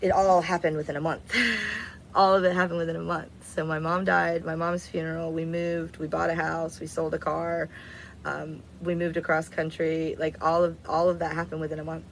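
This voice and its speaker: A woman's voice: deep voice, flat delivery, moderate pace, gravelly, slight background noise, rough recording. A young adult woman telling a personal story in a blunt, candid way, acting out other people's voices as she goes. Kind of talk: casual storytelling vlog.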